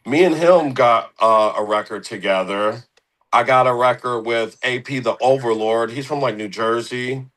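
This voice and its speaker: A man's voice: medium pitch, moderate pace, fairly bright tone, rough recording. A young man from the Philadelphia area, a guest musician in a casual interview, rambling with slang and lots of fillers.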